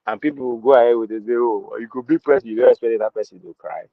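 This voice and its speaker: A podcast host with a Nigerian accent delivers opinionated commentary, hammering points home by repeating phrases and slipping into Pidgin. His medium-pitched voice is fast with fairly even intonation. The recording is dull, lo-fi, and dry, with no echo.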